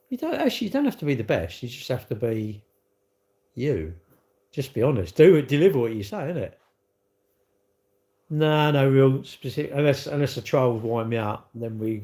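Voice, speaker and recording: A man's voice: medium pitch, gravelly, darkish tone. A man hosting a casual live stream, rambling and blunt as he reads out viewer comments and laughs often.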